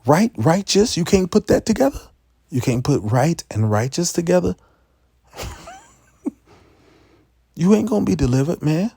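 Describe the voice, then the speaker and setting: A man giving a profane, impassioned street-preaching rant, full of stammered restarts and sudden rises to near-shouting. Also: a little high, very animated, measured pace, gravelly, long pauses, husky, no room sound.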